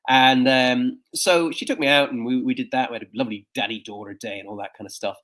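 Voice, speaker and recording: Guy, coach type, chatty storyteller, lots of uh and um, medium pitch. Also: fast. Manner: animated storyteller with frequent fillers. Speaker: guest speaker and coach. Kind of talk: conversational interview storytelling.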